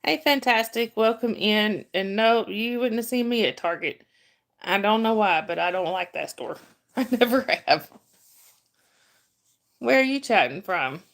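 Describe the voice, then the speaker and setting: A woman from North Georgia talks a little slowly in a medium-pitched, fairly bright voice with lively intonation. Hosting a casual live-chat stream in a Southern American accent, she greets viewers by name and laughs frequently.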